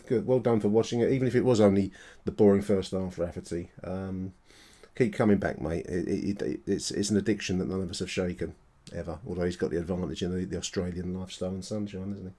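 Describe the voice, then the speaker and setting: Deep low voiced guy hosting a podcast, chatty, lots of ums. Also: fast talker, breathy edge. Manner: chatty, relaxed, with fillers. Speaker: podcast host. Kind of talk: casual podcast talk.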